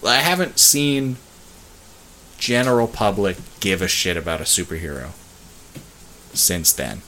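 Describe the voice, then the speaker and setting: A young man co-hosting a podcast in casual chat, rambling with fillers and swearing, quick to laugh. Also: deep voice, bright, forceful tone, a little hiss or hum. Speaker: podcast co-host.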